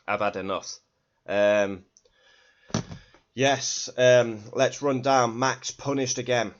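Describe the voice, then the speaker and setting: A man's voice: medium pitch, fairly bright tone. A man hosting his own fan channel, delivering a heated, indignant solo rant with clipped sentences and repeated swearing. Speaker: motorsport fan channel host. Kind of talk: angry solo rant to camera. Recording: slightly dull lo-fi recording.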